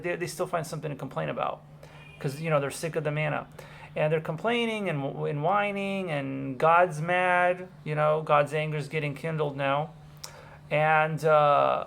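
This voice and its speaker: A man's voice: on the high side, creaky, fairly bright tone, slight background noise. A man reading a Bible passage and then talking about it in a loose, casual way, full of fillers and restarts. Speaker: Bible commentator.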